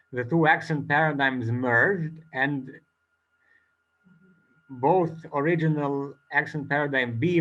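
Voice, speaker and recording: A man giving an academic conference talk as a presenter, speaking haltingly with many filler pauses. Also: a little high, fairly bright tone, dull audio.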